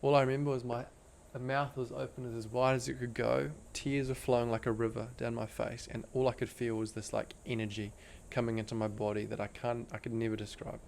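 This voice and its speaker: A man's voice: mid-range voice, level tone, fairly quick, creaky, few pauses, a little mellow, slight background noise. A young man, a podcast guest, telling a personal story in an earnest, intense way, full of "like" fillers. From Australia. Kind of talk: casual storytelling interview.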